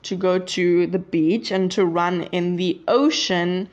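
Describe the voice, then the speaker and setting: A woman's voice: on the low side, steady tone, slow pace, darkish tone, dull audio. Chatty teenage girl vlogging. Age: teens. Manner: chatty, rambling, often distracted. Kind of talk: casual chat to camera.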